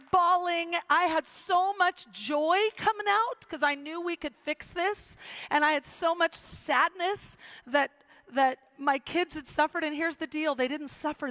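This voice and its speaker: A woman's voice: high-pitched, pushed and bright, no room sound. A middle-aged woman giving a motivational speech to a live audience, telling her story with quoted dialogue and emphatic repetition. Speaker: motivational speaker.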